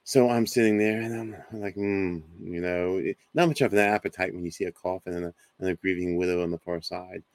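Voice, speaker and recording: A man in his forties casually telling a ghost story as a guest, animated and acting out other people's voices. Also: low voice, fast talker, few pauses, dry recording. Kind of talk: casual storytelling on a talk show.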